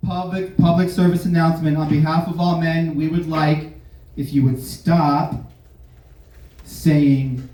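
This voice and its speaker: A man's voice: on the high side, flat delivery, measured pace, dark tone. A man from Miami performing a stand-up comedy set in a club, talking animatedly and slipping into mocking voices. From Miami, United States. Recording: roomy club sound from a distance.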